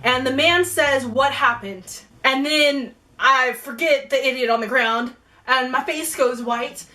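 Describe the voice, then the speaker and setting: A young woman vlogger telling a personal story in a lively, slangy way. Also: sits high, unhurried, recorded from a distance. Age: young adult. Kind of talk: storytime vlog. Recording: voice a bit off-mic with faint music.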